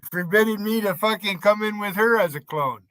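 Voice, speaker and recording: Male streamer, combative and foul-mouthed, calls out chat viewers; slightly high, sharp-toned voice. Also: a little fast, no echo. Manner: profane, taunting, combative; addresses chat viewers by name. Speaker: livestream host. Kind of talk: ranting livestream commentary.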